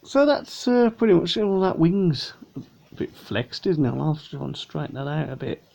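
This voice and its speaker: A man's voice: on the high side, big pitch swings, moderate pace, gravelly, warm tone. A man chatting casually through a model plane unboxing review, rambling and a little tired. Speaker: vlogger. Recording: dull lo-fi home recording.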